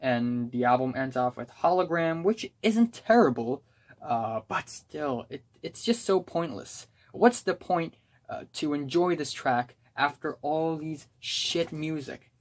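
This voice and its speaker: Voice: mid-range voice, animated, measured pace. A young adult album reviewer giving a casual spoken review, talking in a blunt, exasperated rant.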